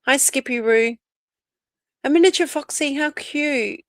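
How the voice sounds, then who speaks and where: An Australian woman hosts a relaxed livestream, greeting viewers by name and chatting freely between topics. Her first language is Italian. The recording is dry and close. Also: high voice, measured pace, no echo. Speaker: livestream host. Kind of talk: casual live chat reading comments.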